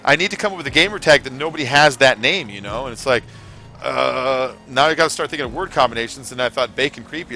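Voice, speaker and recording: This man's voice is fairly high with a sharp tone. While racing in a streamed game, he chats loosely with his viewers, rambling along and dropping lots of fillers in his casual commentary.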